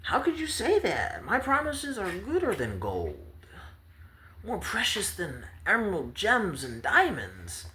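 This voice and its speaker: A man's voice: sits high, wildly swooping pitch, unhurried, bright, forceful tone, a little hiss or hum, pitched above the performer's own voice, full character voice. A man voicing a naive, boastful young male hero who is earnest and self-praising. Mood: indignant boasting. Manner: showy, self-praising, indignant. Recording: roomy echo with faint ambience.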